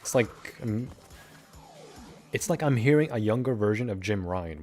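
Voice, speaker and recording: A young man with a fairly low voice chats easily with his viewers as he plays. His talk is loose and offhand, and faint music plays under it. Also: normal speed, darkish tone. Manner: chatty, laid-back, talking back to chat between moves. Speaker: streamer. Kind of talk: casual chat while streaming a game.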